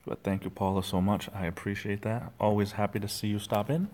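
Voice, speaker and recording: Casting: man, fairly low voice, easygoing livestream host, rambling chat with viewers. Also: fairly even intonation, quick pace, few pauses, a little mellow. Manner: rambling, chatty, reads chat comments aloud. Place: at home.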